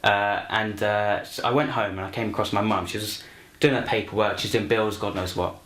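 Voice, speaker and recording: A man's voice: fairly low pitch, steady tone, brisk, a bit bright. A young man introducing himself and telling a comic story, rambling with many fillers and restarts. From London. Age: young adult. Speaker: university student, actor. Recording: roomy echo, faint music.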